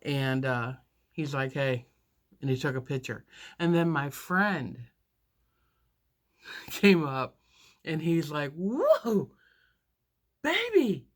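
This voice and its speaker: A woman's voice: sits low, slow, pauses often. A woman in her fifties telling a story casually while doing her makeup, rambling with lots of fillers and restarts.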